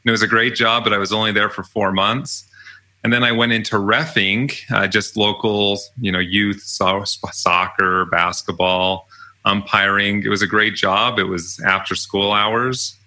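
In this casual storytelling interview, the young podcast guest chats about jobs he held in college, laughing often. His low-ish voice has little pitch movement and sounds pushed and bright, at a measured pace.

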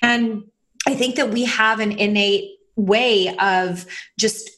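A woman guest coach talks through her advice in a relaxed, conversational way. She fills her sentences with "you know" and "right" and drops in small laughs between phrases. Her voice sits at an ordinary middle pitch. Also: slow pace. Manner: chatty, filler-heavy, laughs between phrases. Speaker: guest coach who works with clients.

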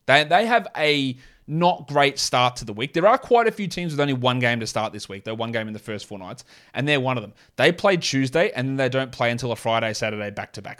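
A man's voice: mid-range voice, a bit bright. A man hosting a solo fantasy basketball podcast, blunt and sarcastic, cursing casually as he runs through stats and reads an ad. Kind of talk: solo sports podcast with ad read.

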